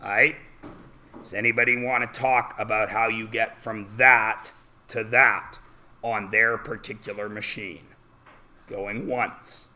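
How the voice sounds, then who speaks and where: Unhurried and steady, this teacher's fairly low, sharp voice leads an algebra review in a classroom. He solves problems one step at a time and checks in with students through questions along the way.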